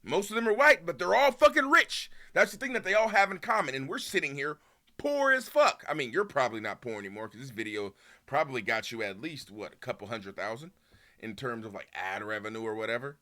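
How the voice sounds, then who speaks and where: A man streaming and reacting to a video in a heated, casual rant, swearing often and swinging between loud outbursts and low muttering. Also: expressive, fairly quick. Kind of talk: casual ranting commentary.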